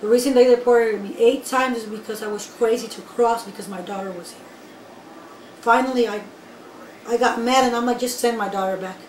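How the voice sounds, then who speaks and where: A woman from Guatemala, telling her own story in an interview in an animated, emphatic way and speaking straight to the listeners. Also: fairly high pitch, normal speed. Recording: echoey room, voice from far off, faint background noise.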